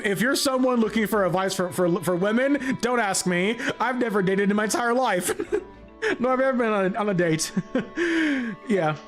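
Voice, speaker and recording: A man streaming a video game, rambling and joking with chat in a loose, animated way. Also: high-pitched. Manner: animated, rambling, jokey, laughs often. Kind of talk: live gaming commentary.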